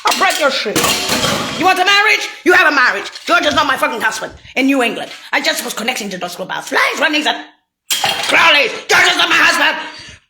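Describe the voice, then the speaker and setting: A woman's voice: high voice, sing-song, a little fast, very noisy. A woman delivering an angry, profane, rambling rant straight to the listener. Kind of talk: unscripted rant to camera.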